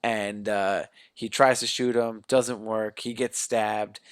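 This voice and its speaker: A man co-hosting a podcast, excitedly retelling a film plot and acting out the characters' lines in a casual chat. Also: fairly low pitch, slow pace, clean tone, no echo, clean studio sound. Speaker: podcast co-host. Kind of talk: casual movie recap.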